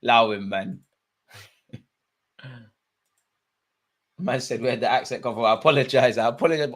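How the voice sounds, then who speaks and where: A man hosting a live football watch-along, chatting to viewers and shouting at players and the referee. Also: fairly low pitch, a little fast, pauses often, slightly rough. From Eritrean heritage. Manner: excitable, shouts at players and ref; chatty, joking asides. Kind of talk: live match commentary to viewers.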